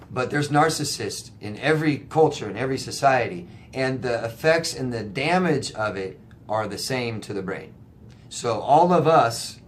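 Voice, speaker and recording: A man's voice: medium pitch, a little hiss or hum. A man answering viewer questions as a life coach, blunt and emphatic, swearing now and then to drive a point home. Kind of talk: casual direct-to-camera advice.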